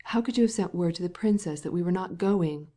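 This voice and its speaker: Frail painter, hoarse whisper, fretful, read by a woman narrator. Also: sits high, fairly quick, dark tone. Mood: irritated. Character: sickly irritable poor male painter.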